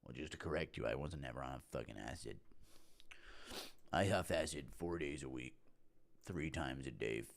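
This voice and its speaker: A man's voice: very deep voice, expressive, creaky, voice pushed down, exaggerated voice. A man impersonating a dazed, muddled male ex-fighter on acid. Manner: slow, muddled.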